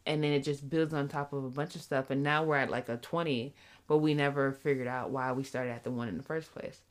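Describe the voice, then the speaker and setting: A woman's voice: rumbling low, a little fast. A woman talking casually about her relationship with her partner, often acting out what he says. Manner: animated, acts out her partner's voice. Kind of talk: casual couples chat.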